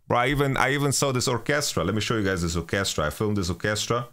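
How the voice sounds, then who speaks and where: This podcast host has a lowish, expressive voice that moves at a quick pace with a slightly bright quality. He rambles through a travel tale, cursing often, restarting sentences and leaning on "you know."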